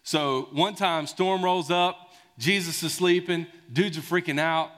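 A man preaching a sermon in a conversational, animated storytelling way. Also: a little high, unhurried. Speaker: pastor. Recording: long hall reverb.

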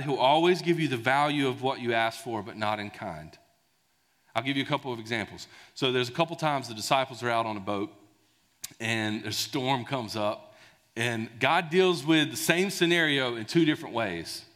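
A man preaching a sermon in a conversational, animated storytelling way. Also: mid-range voice, normal speed. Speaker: pastor. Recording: long hall reverb.

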